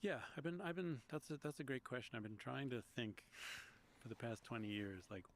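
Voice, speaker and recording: A man's voice: mid-range voice, expressive, fairly quick. A man from Long Island being interviewed as a guest, talking through his story in a reflective, storytelling way with small restarts. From Long Island, United States. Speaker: guest, history podcaster and author. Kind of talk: conversational interview.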